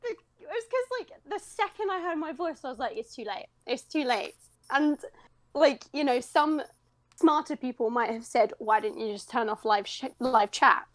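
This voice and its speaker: This interview guest, a young voice actress from the United Kingdom, has a high, expressive voice and talks at normal speed. Her casual chat is rambling, self-deprecating and full of laughter, in British English, recorded dry.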